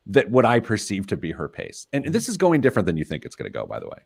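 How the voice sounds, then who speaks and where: Hosting his radio talk show, this financial planner makes fun of himself as he tells personal stories casually and laughs at himself. He speaks quickly in a fairly low, creaky, slightly rough voice with huge pitch swings.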